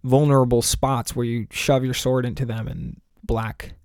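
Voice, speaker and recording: A man co-hosts a podcast, chatting casually and enthusiastically about video games, rambling and laughing often. His voice is medium-pitched and darkish in tone, with little pitch movement and a normal speed. The studio sound is clean, with no echo.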